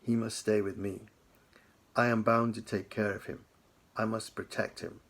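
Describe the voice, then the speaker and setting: A stubborn, unshakably calm young schoolboy who will not give ground, as a man puts him on in a storybook reading. He speaks low and quietly, with a husky, gravelly texture. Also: normal speed, exaggerated voice. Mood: firm. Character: stubborn calm young boy, new pupil.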